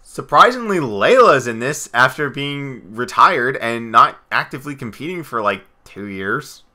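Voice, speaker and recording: A man co-hosting a casual chat, rambling from one aside to the next. His voice is very bright and forceful at a middling pitch, and he gets excitable as he goes. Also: a little slow. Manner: rambling, excitable, slips into goofy impressions. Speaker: podcast co-host.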